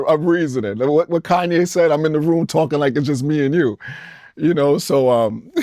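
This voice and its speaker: A man in his forties, originally from the Caribbean, speaks in a slightly high voice with a darkish tone as an interview guest. His casual storytelling is loose and rambling, jumping between topics and broken up by chuckles. The studio-quality audio has no echo.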